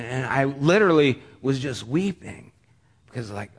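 A middle-aged man preaching a sermon, telling a personal story in an earnest, halting way with frequent restarts. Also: medium pitch, big pitch swings, husky.

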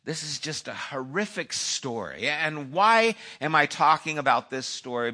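A man's voice: mid-range voice, sharp tone. A man preaching a sermon, telling a story and acting out its dialogue, sometimes dropping almost to a whisper. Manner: storytelling, acts out dialogue in voices. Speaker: pastor.

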